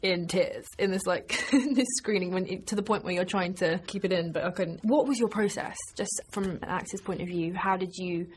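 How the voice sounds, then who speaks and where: A woman's voice: lowish voice, moderate pace, few pauses. A woman interviewing an actor about a film, chatty and enthusiastic. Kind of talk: interview questions. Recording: faint background noise.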